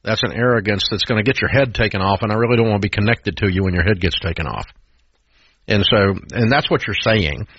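A man's voice: fairly low pitch, fast, fairly bright tone, slightly rough, no room sound. A man hosting a call-in advice radio show, blunt and emphatic, repeating phrases for punch. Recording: dull lo-fi radio broadcast sound.

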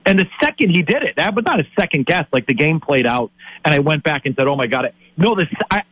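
A husky, high-pitched man in his late fifties, from Wisconsin, venting hard about football as a talk host. His voice swings widely as he stumbles through repeated words. The sound is dry and close to the mic. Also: very animated, fast talker, a bit bright, dry recording, rough recording. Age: 50s. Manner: exasperated ranting, lots of repeated words. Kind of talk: heated sports talk.

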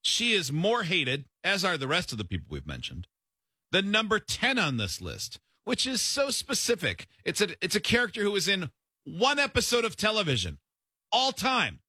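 A sarcastic man chatting on a casual show, his husky voice bright and lively as it rises and falls. He sounds close and dry, with no room around him. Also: sits high, normal speed, dry recording. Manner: dry, sarcastic quiz-master. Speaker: podcast co-host. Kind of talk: casual chat.

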